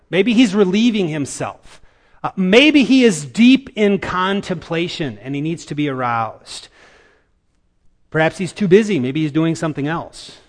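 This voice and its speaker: A man preaching a sermon, telling a Bible story dramatically with emphatic pauses. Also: on the high side. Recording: reverberant hall.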